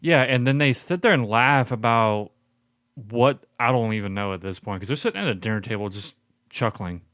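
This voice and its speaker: A man's voice: medium pitch, lively intonation, normal speed, a bit bright, no echo, studio quality. A man co-hosting a podcast, chatting casually about a film with wry, sarcastic quips. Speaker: podcast co-host. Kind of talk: casual movie recap chat.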